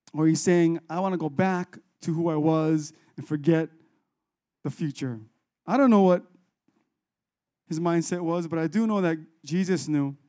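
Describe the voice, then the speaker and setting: Male pastor, high-pitched mellow voice, casual animated sermon delivery. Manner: conversational, animated, acts out biblical dialogue.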